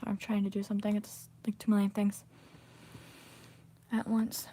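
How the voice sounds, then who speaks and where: Excitable young woman livestreamer. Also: mid-range voice, normal speed, pauses often, slight background noise. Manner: excitable, chatty. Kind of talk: casual chat while playing a game.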